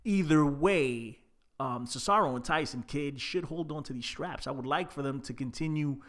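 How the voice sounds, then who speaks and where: A man's voice: a little high, normal speed, a bit bright. A man casually reviewing a wrestling show, chatty and laid-back with plenty of fillers. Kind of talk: casual solo recap.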